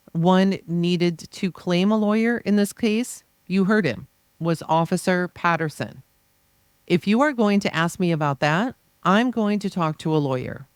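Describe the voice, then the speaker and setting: A podcast reader voicing a defense attorney's closing argument, forceful and insistent with repeated rhetorical phrases. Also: mid-range voice, clean tone, no room sound, studio quality. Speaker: podcast reader of trial transcripts. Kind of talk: reading a courtroom closing argument aloud.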